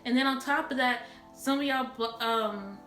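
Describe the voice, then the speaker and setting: A woman's voice: high voice, a little slow, fairly bright tone. A woman vlogger talking straight to her viewers in a blunt, impassioned rant. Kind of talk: impassioned direct-to-camera rant. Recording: echoey room with background music.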